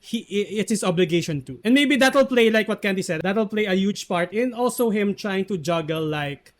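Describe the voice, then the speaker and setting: A man's voice: sits high, a little fast. A man, co-hosting a casual recap chat, rambling with many fillers and restarts. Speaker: podcast co-host.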